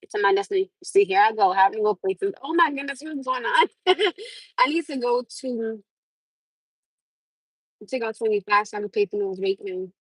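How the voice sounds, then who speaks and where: A woman's voice: mid-range voice, normal speed, long pauses, breathy edge, dry recording, rough recording. A woman in her thirties hosting a livestream, telling a casual story to viewers with lots of laughter and swearing. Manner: animated, laughs often, swears. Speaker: livestream host.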